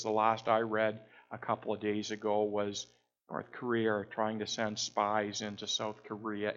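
A man speaks at an ordinary, middle pitch, telling a story in a calm, reflective way. He pauses often with small fillers as he thinks. The recording sounds a bit muffled and dull. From Canada. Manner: unhurried, with frequent "uh" pauses.

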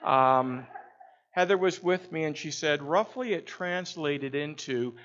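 Unhurried man, muffled recording. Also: fairly high pitch, a bit bright, slight background noise. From Canada. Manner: unhurried, with frequent "uh" pauses. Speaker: speaker. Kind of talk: reflective storytelling talk.

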